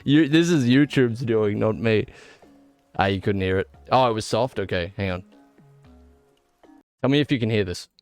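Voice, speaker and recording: A man chatting casually on a live stream, excitable and laughing at his own jokes. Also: on the low side, moderate pace, long pauses, clean tone, dry recording, soft background music.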